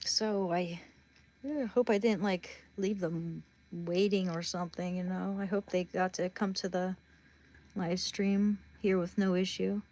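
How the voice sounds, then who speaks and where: A woman's voice: lowish voice, fairly even intonation, a little slow, a little mellow. A woman hosting a livestream, chatting casually and bluntly with her viewers. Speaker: livestream host.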